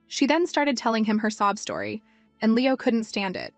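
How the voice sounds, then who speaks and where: A woman narrating a manhwa recap in an even storytelling way, over faint music. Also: a little high, normal speed, no echo. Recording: dry, music faint behind.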